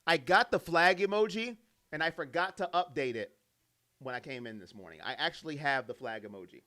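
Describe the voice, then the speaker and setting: A man hosting a live fan stream, calling the plays and reading out chat messages and donations in an animated way. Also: a little high, brisk. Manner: animated, loud, reacts to plays and reads donations. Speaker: fan livestream host doing play-by-play.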